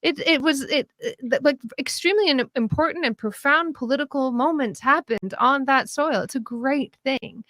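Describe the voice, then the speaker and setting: Podcast guest, female, animated and chatty, breaks into laughter, restarts her sentences, dry close mic. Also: sits high, normal speed, few pauses, dry recording. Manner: animated, laughing often, many restarts and fillers. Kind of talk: casual political discussion.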